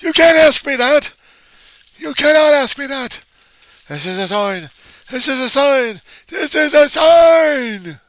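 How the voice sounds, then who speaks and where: A man putting on the voice of a frantic male protester who shouts the same words over and over. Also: mid-range voice, sing-song, racing, hardly any pauses, no echo, pitched above the performer's own voice. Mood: frantic shouting. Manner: shouting, insistent, repeating himself.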